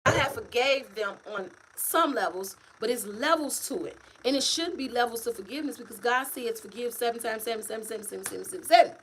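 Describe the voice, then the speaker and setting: A woman author talking casually to her livestream viewers, animated and repetitive, calling them y'all. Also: on the high side, brisk, hardly any pauses, breathy edge, low-quality recording. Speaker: author and vlogger. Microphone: phone or webcam, livestream.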